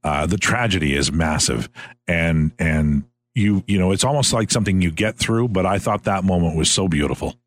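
A man's voice: deep voice, normal speed. A man co-hosting a casual talk show, reacting with short replies and laughter. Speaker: co-host. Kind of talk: casual chat.

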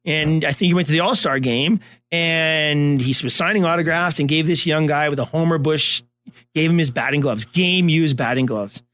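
A man co-hosting a casual talk show, telling animated stories and acting out the voices of the people in them. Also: on the high side, moderate pace. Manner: animated storyteller, acts out voices. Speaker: co-host, former baseball coach. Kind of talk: storytelling in casual chat.

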